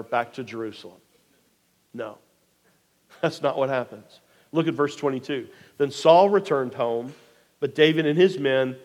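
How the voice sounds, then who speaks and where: A man preaching a sermon, retelling a scripture story in an animated way, sometimes dropping to near quiet. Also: mid-range voice, big-room sound. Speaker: pastor.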